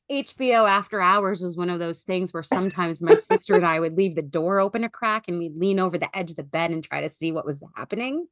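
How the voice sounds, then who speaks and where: A woman's voice: on the low side, brisk, no echo, studio quality. Chatty woman co-hosting a podcast. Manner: chatty, laughs often while telling a story. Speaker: podcast co-host. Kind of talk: casual podcast chat.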